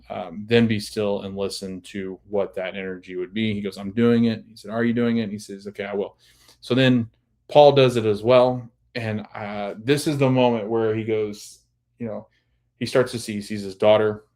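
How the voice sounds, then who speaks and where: A man hosting a podcast, casually recapping a TV episode in a chatty way and laughing often as he retells scenes. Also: lowish voice. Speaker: podcast host.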